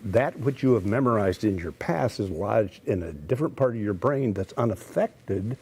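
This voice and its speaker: An older man telling stories as a TV guest, speaking carefully and deliberately after a stroke, with frequent fillers. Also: on the low side, lively intonation, darkish tone, husky. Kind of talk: storytelling in a TV interview.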